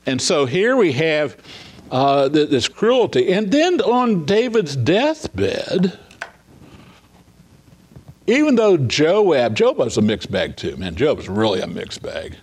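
A man's voice: on the high side, very animated, slow, husky. A man teaching an informal Bible study, chatting through scripture scenes, asking his listeners rhetorical questions and paraphrasing the dialogue. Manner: conversational, asks listeners rhetorical questions and chuckles.

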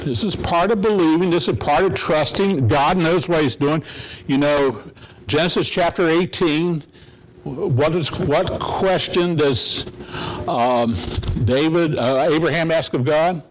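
A pastor giving a conversational sermon, often checking in with listeners by asking "right?" and acting out quoted pleas in short bursts. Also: male voice, on the high side, unhurried, poor audio. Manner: conversational, asks the audience rhetorical questions with "right?"; acts out pleading voices in quotes.

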